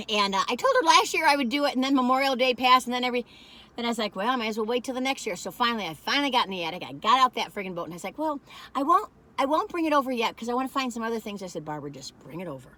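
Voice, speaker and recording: A woman's voice: mid-range voice, sharp tone. An older woman, rambling in a folksy, chatty way as she reviews food on a phone camera in a parked car.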